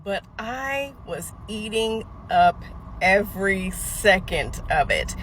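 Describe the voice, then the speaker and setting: A woman's voice: mid-range voice, sing-song, slow, fairly bright tone, a little hiss or hum, rough recording. A woman frankly telling a personal story about her past, emphatic and self-critical. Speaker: storyteller sharing a confession.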